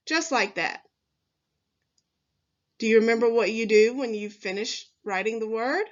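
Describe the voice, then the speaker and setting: A woman teacher giving a recorded first grade phonics lesson, speaking slowly and clearly to young children with encouraging words. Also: on the high side, lo-fi sound. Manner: slow, clearly enunciated, encouraging teacher talk.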